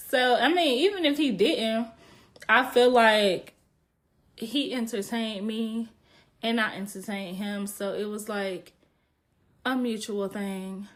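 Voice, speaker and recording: A young woman hosts her own podcast and talks straight into the mic about her past. She is frank and chatty, laughs easily and wanders off topic before pulling herself back. Her voice sits in an ordinary middle pitch. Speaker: podcast host. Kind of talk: candid solo podcast storytelling.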